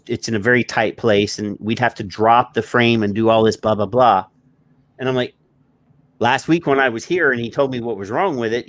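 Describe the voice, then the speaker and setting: A man chatting on an internet radio show, telling an everyday story with lively acted-out quotes. He swears freely when he is annoyed, and his voice sits at an ordinary middle pitch. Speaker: co-host. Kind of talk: casual podcast chat.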